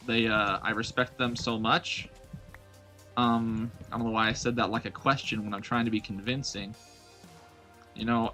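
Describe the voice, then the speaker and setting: A man's voice: medium pitch, bright, forceful tone. A young man streaming live gameplay, chatting playfully with his viewers and mocking his own blunders. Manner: playful, self-mocking, talks to chat.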